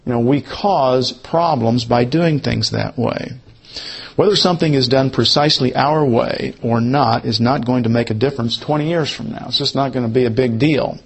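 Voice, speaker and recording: A man teaching a Bible study lesson, who repeats his key points slowly, as if for note-taking. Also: mid-range voice, slightly rough.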